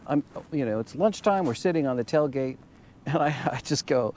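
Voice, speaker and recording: Halting, earnest motivational man. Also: medium pitch, expressive, a little mellow. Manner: halting, repeats words while searching for them. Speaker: motivational vlogger. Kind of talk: casual motivational monologue.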